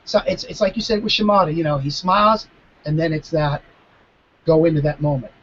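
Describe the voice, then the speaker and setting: Animated mentalist man on a muffled video call. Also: a little high, brisk. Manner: animated, emphatic storytelling with restarts. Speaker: mentalist guest. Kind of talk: live video Q&A, conversational explanation.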